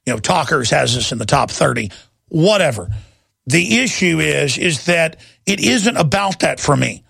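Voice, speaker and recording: A man in his thirties hosting a talk radio show, delivering an impassioned rant into a studio microphone and breaking into shouting. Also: a little high, lively intonation, moderate pace, gravelly, husky, no room sound. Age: 30s. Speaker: radio host.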